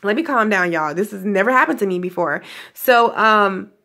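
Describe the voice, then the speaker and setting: A woman's voice: medium pitch, normal speed, bright, forceful tone. A woman giving a casual spiritual pep talk to her viewers, gushing and affectionate, calling them honey and laughing often. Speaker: spiritual guidance vlogger.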